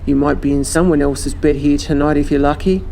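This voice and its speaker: A woman voicing a fearless, wry young man who scolds in a hushed voice. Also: low-pitched, fairly even intonation, fairly quick, gravelly. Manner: hissing through teeth, scolding.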